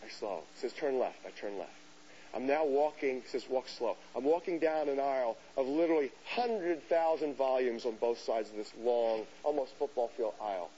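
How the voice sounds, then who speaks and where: A man's voice: medium pitch, moderate pace. Man telling a story, dull hissy recording. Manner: animated storyteller, acts out quoted voices. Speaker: lecturer. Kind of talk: storytelling lecture to an audience.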